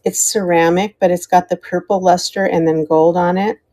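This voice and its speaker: Mellow-voiced American woman selling jewelry live. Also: on the low side, fairly even intonation, moderate pace. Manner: chatty, calls out starting prices and thanks viewers by name. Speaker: live-stream jewelry seller. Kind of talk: live auction stream chat.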